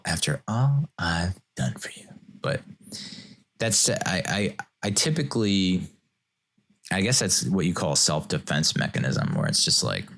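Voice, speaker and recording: A man's voice: low-pitched, vocal fry, fairly bright tone. A man hosting a casual solo podcast, rambling and joking, often chuckling as he talks. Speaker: podcast host.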